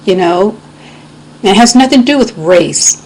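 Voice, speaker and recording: A woman's voice: medium pitch, animated, moderate pace, a little mellow, low-quality recording. An American woman giving an impassioned, indignant webcam rant, quoting scripture as she talks. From United States. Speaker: video blogger. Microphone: webcam microphone.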